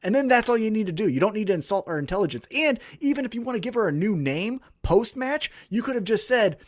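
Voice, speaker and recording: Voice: mid-range voice, very animated, quick pace, no room sound, clean studio sound. Heated, profane podcast co-host. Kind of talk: casual podcast rant.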